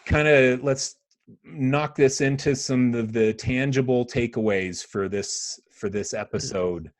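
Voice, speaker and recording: A man's voice: medium pitch, measured pace. Upbeat American man hosting a podcast. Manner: encouraging, practical, says "yeah" often. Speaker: podcast host. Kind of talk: casual business podcast chat.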